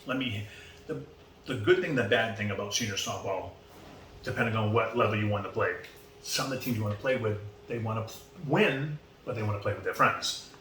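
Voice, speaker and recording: A Boston-accented man in his fifties, guesting on a podcast, tells long casual stories and animatedly performs who said what. He speaks fairly quickly in a voice on the low side, captured by a distant mic in a roomy space with faint background noise.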